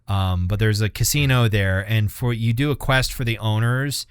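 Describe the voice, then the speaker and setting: Low smooth-voiced podcast co-host, rambling. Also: male voice, normal speed, dry recording, clean studio sound. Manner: rambling, profane, laughs at his own stories. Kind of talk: casual chat.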